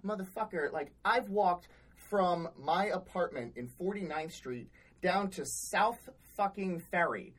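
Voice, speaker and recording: A woman with a lowish, husky voice and lively intonation co-hosts a podcast, speaking a little slowly. She tells work stories in a casual chat, blunt and exasperated, swearing often. The recording is rough.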